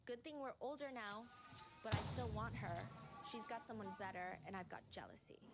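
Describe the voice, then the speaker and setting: A woman's voice: medium pitch, animated, normal speed, loud music behind the voice. A woman giving casual commentary in a chatty, conversational way, reading out lyrics and comments as she goes.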